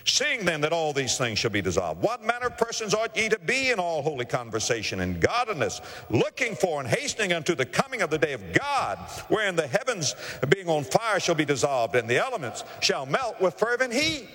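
A man's voice: a little high, wildly swooping pitch, a little fast, hardly any pauses, sharp tone. A man preaching an evangelistic sermon with passion, telling a story and acting out its characters. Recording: long hall reverb.

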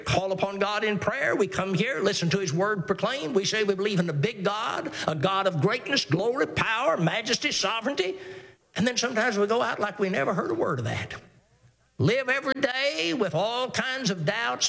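A man with a notably high voice preaches a sermon. He reads old scripture in a measured, deliberate cadence, then presses his points with repeated phrases and rhetorical questions to his listeners. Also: vocal fry, a bit bright, big-room sound.

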